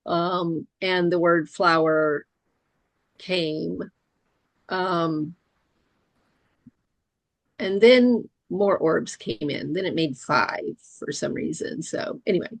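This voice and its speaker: A woman from Florida speaking as a panelist on a video call, unhurried and musing. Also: on the low side, creaky, no echo. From Florida, USA. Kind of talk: reflective panel talk.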